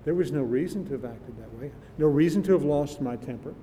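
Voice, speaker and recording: The older preacher here sounds animated and fairly quick, his voice mellow. He muses through his sermon in a conversational way, laughing now and then, in a reverberant hall with a faint rumble.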